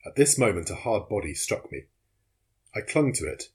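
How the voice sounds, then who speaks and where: A man reading a classic adventure novel aloud in measured, dramatic first-person narration. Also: fairly low pitch, big pitch swings, a little mellow, husky.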